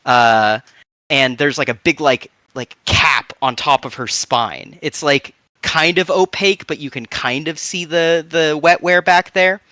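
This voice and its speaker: A man narrating as game master in a relaxed, filler-heavy way, with lots of "uh" and "like". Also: a little high, a little slow, no echo.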